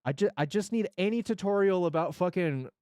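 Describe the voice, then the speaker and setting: Man, 40s, rambling profane streamer, lively pitch, dry close mic. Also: fairly quick, no echo. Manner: rambling, profane, jokey, reacting to chat. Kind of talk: casual live-stream chat.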